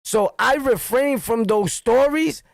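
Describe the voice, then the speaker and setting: A middle-aged man with a New York accent, a streamer telling street stories in a blunt, profane, animated monologue. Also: very high voice, slow, creaky, dry recording. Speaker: streamer and commentator. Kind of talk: heated street-talk monologue.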